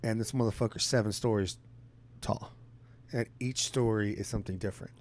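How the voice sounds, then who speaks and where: A man's voice: on the low side, fairly even intonation, fairly quick, a little mellow. A young man chatting casually, laid-back and slangy, often trailing off. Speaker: friend in casual chat. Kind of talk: casual chat.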